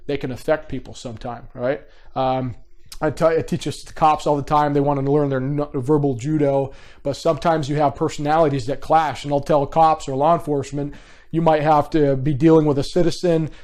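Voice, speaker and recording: A behavior profiling instructor in his thirties teaches a live online class over a computer mic. His voice is pitched slightly high for a man with a darkish tone, and he speaks casually and directly, often checking in with students.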